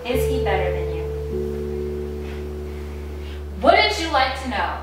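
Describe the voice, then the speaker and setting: A woman's voice: a little high, big pitch swings, brisk. An actress playing a wife who coldly and defiantly confronts her cheating, abusive husband in an indie film drama. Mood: icy. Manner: cold, defiant and cutting. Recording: roomy echo, voice from a distance, faint music.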